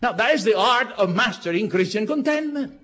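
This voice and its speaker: Husky, high-pitched preaching pastor. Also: male voice, expressive, normal speed, fairly bright tone. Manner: emphatic preaching with rhetorical questions and repetition. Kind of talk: sermon. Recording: dull lo-fi recording.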